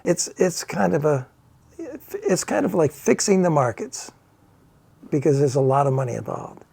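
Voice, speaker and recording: A man who works as a bullion dealer, talking in a halting, casual way with many pauses. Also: on the high side, expressive, vocal fry, warm tone, slight background noise. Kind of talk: casual chat.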